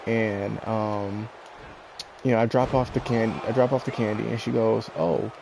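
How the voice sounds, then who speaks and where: A man's voice: on the low side, flat delivery, normal speed, gravelly, background noise. A man chatting casually as he tells a rambling story, acting out both sides of a conversation. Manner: rambling, acts out quoted dialogue. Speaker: online wrestling league player.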